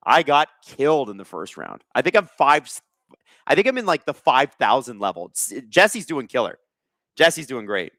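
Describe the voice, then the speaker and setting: At normal speed, this thirtysomething Canadian streamer calls hockey plays live while joking, reading chat aloud and giving shout-outs, with sudden bursts of excitement. His voice is bright and forward with wide pitch swings, and the close, dry sound has no echo.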